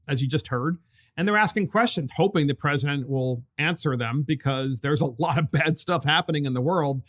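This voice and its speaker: Animated man hosting a podcast. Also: fairly high pitch. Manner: animated, mocking, laughs while talking. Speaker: podcast host. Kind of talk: opinionated political commentary.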